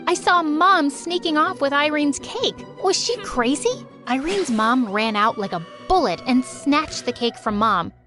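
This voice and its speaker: A woman narrating a first-person animated story in a dramatic, expressive way. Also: high voice.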